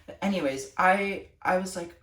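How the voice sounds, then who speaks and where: Low-voiced teen girl ranting profanely. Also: moderate pace, a bit bright. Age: teens. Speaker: vlogger. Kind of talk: casual rant to camera. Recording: echoey room, distant mic.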